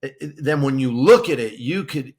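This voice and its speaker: A man co-hosting a podcast, talking in a loose, animated way and explaining at length with many restarts. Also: mid-range voice, moderate pace. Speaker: podcast co-host. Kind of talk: casual chat.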